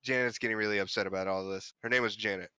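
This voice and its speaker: A man's voice: lowish voice, fairly even intonation, racing, pushed and bright, smooth, no echo. A young man co-hosting a casual chat, telling rambling, profane stories with mock rants. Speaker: podcast co-host.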